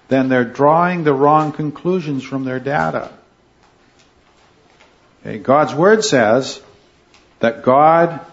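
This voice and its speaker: Earnest man teaching a Bible class. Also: mid-range voice. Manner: earnest, checks in with "right?" and "okay". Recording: dull lo-fi recording.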